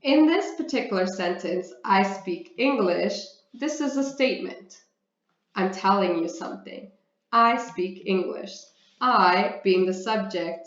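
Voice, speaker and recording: Slow, careful woman teaching grammar. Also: mid-range voice. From Canada. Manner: deliberate, explains step by step, often asks and answers her own questions. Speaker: English teacher. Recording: roomy, slightly dull sound.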